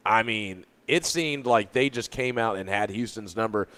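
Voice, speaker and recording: A man's voice: fairly low pitch, normal speed, a bit bright. A man co-hosts a sports radio show and talks basketball in a loose, casual way. He wanders from point to point and restarts his sentences, speaking into a studio mic. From Louisville, Kentucky.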